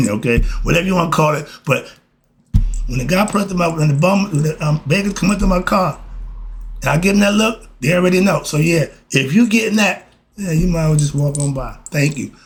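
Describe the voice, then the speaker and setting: A man's voice: fairly high pitch, brisk. Blunt New man preaching life lessons. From New York. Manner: preachy, blunt, street slang, chuckles often. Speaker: vlogger giving life lessons. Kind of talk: casual motivational monologue.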